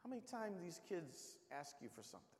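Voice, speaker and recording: A man's voice: sits high, big pitch swings, fairly quick, darkish tone, long reverb tail, slight background noise. A man preaching a sermon, emphatic and repetitive, calling out to the congregation.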